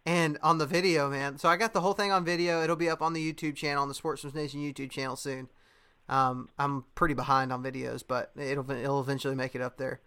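A man's voice: medium pitch, fairly even intonation, quick pace, pushed and bright, clean tone. A young man in casual chat, a podcast host telling a story in a laid-back way, with lots of fillers and laughter.

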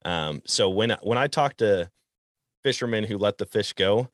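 Male outdoors podcast host from Wisconsin, easygoing storyteller with a lowish voice, dry close mic. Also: normal speed, no echo. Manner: relaxed storyteller who chuckles often. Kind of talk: casual outdoors chat.

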